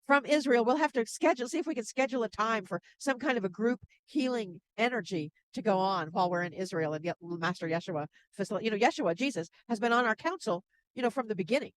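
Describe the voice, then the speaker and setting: A woman guest who works as a spiritual channel, speaking gently and laughing softly between thoughts. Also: medium pitch, animated, fast, noisy background. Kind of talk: casual interview chat.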